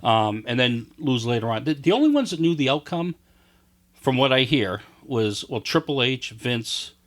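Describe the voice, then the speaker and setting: A man's voice: mid-range voice, big pitch swings, normal speed, fairly bright tone. Man recounting events in casual chat. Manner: enthusiastic, recounts events in detail. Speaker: guest.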